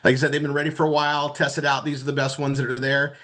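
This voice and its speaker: A man teaching marketing in a casual screen-share walkthrough, rambling and halting, often repeating words as he clicks around. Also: medium pitch, flat delivery, fairly bright tone. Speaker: marketing instructor.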